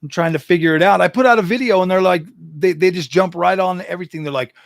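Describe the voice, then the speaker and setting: A man's voice: high-pitched, fast, vocal fry, hardly any pauses, dry recording, studio quality. A man hosting a tech channel, chatting casually and animatedly, exasperated, often stammering and repeating himself. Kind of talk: casual livestream chat.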